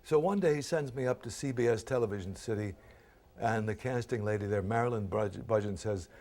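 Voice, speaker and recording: An older man from Brooklyn, an actor being interviewed, telling lively anecdotes and acting out the lines he quotes. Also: lowish voice, a little fast. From Brooklyn, New York. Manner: lively storyteller who acts out quoted lines.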